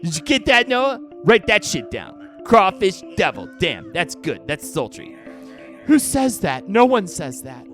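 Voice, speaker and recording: Brash, abusive film director in a video game , a man putting him on, high and bright, pitch swinging wildly. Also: very animated, measured pace, soft background music, heavily acted. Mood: rude. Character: abrasive male film director, crude and arrogant.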